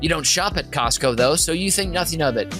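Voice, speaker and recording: A man's voice: fairly high pitch, expressive, a little fast, music in the background. A man from Minnesota hosting a comedy podcast, reading a comic top-five list in a rambling, giggly way that keeps interrupting itself. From Minnesota, USA. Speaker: podcast host.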